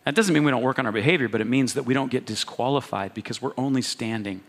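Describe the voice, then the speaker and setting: A man's voice: mid-range voice, quick pace, fairly bright tone, in a large hall. A man preaching a sermon as pastor, talking in a conversational, humorous way and often checking in with his congregation.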